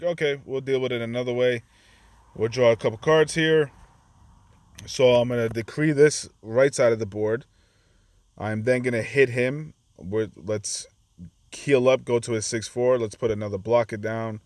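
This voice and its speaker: A man's voice: mid-range voice, darkish tone, no echo. Chatty man narrating his card game. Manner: chatty, acts out his own reactions to the opponent. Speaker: gaming channel host. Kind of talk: casual gameplay commentary.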